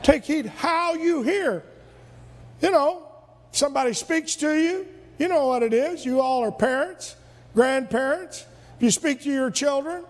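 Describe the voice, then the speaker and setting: A man's voice: very high voice, unhurried, in a large hall. A male minister preaching a sermon, emphatic, repeating words and asking the congregation rhetorical questions.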